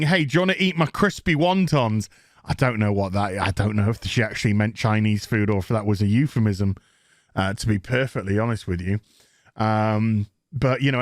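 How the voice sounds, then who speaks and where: A Northern English man tears into a TV episode with crude, mocking sarcasm. His pitch leaps all over the place as he lurches between voices. The sound is close and dry, with no room around it. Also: fairly bright tone, no room sound. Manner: mocking, crude, acts out characters in silly voices. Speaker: TV show reviewer. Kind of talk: sarcastic recap rant.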